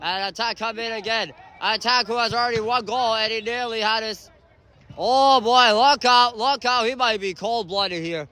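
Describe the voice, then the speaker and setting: Man, high voice, bright tone, measured pace, live amateur soccer play-by-play full of shouted calls. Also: clear, resonant tone. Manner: excitable, frequent shouted calls and exclamations. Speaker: amateur match commentator. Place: indoor soccer stadium.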